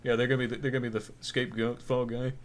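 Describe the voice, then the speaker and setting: A man's voice: mid-range voice, little pitch movement, rapid-fire, a little hiss or hum. A man co-hosting a comedy podcast, rambling through crude jokes in casual chat. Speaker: podcast co-host.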